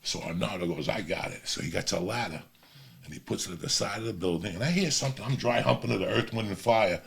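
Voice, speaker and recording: Middle-aged male comic, low and rough, swears freely and acts out everyone in his stories. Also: quick pace. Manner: profane, animated storyteller doing voices. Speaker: comedian. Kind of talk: storytelling on a podcast.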